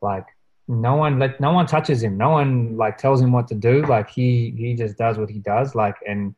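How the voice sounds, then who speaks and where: A man telling a story in casual chat, rambling and filling pauses with "you know" and "like", growing animated as he recounts it. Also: dull audio. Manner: animated when recounting, pitch jumps up.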